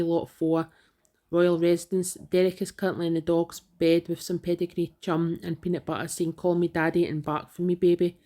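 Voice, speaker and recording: A woman reading out online comments in a flat, even delivery. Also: lowish voice.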